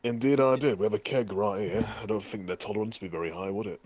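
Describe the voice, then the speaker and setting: Low-voiced man bantering in character. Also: fast talker, a little mellow. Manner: jokey, swearing banter. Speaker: player. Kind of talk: in-character tabletop play.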